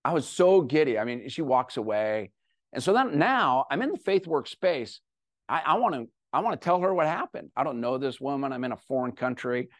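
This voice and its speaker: A middle-aged man giving a talk to an audience, telling a personal story with animated, self-deprecating humor. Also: mid-range voice, brisk, no room sound, clean studio sound. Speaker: guest speaker.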